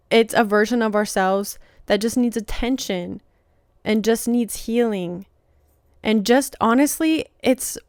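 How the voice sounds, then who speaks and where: Young woman, podcast host, chatty and rambling, smooth clear voice, dry close sound. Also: medium pitch, no echo. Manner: chatty, heavy use of "like" and "you know". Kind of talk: casual spiritual self-help talk.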